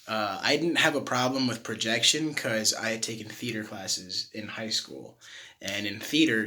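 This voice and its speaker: A man's voice: fairly low pitch, bright, forceful tone. Young man rambling through a vocal tutorial. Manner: rambling, many fillers and restarts, swears casually. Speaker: self-taught vocal tutor. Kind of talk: casual tutorial monologue.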